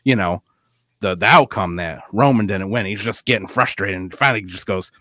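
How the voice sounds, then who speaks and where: A man's voice: low-pitched, normal speed, sharp tone, no echo, clean studio sound. A man co-hosting a podcast, telling a story in casual chat and laughing at his own punchlines. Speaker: podcast co-host.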